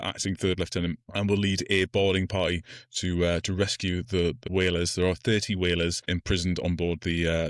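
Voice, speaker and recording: A man co-hosting a film podcast, his voice sitting on the lower side. He recaps scenes with animated relish, now and then slipping into quick comic voices. The recording is dry and close. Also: no echo. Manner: animated storytelling, slips into funny voices. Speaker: podcast co-host. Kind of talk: casual film review chat.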